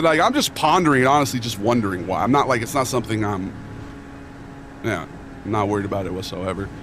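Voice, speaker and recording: A man's voice: medium pitch, background noise. A man streaming a game, chatting casually in a rambling, joking bro manner with mock earnestness. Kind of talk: casual chat while playing a game.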